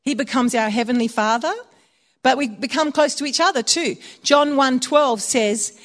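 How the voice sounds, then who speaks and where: A woman's voice: high voice, normal speed. A woman preaching a conversational sermon, telling personal stories and laughing often.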